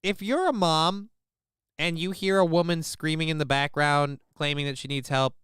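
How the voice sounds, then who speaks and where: Reacting to a news clip on his stream, this man jokes crudely through the story, swearing often and wandering into rambling asides. His voice runs on the high side, smooth, crisp and a bit bright. It's captured close in a dry recording, and he keeps a moderate pace.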